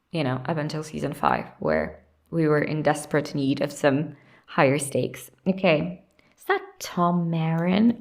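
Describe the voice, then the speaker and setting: Blunt, creaky-voiced young woman vlogger. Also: low voice. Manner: blunt, sarcastic, talks to herself while sorting. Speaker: YouTuber ranking TV characters. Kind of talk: casual opinionated commentary.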